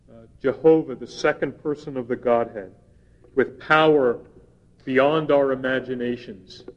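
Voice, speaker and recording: A man preaching a sermon, reading scripture passages in a slow, measured and earnest way. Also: mid-range voice. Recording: dull sound with long hall reverb.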